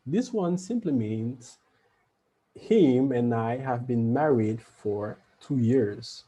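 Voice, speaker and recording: Slow, husky-voiced man teaching French. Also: medium pitch, mellow. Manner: patient, repeats each example sentence. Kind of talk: online language lesson.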